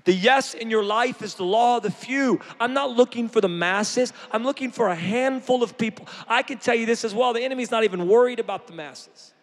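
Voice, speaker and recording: A man preaching a sermon, fervent and emphatic, building to shouts. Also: very high voice, brisk, few pauses, long reverb tail.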